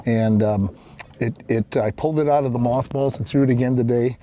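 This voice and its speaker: A man's voice: medium pitch, a little fast, a little hiss or hum. Folksy man hosting a fishing show. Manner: excited, folksy, addresses viewers as folks. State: out of breath after lifting fish. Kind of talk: outdoor fishing show banter. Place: on a boat out on a lake.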